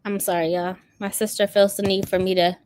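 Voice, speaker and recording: A woman's voice: medium pitch, little pitch movement, fairly quick, a little mellow, a little hiss or hum. A woman hosting a book channel, chatting casually and animatedly with frequent laughter. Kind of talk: casual livestream chat.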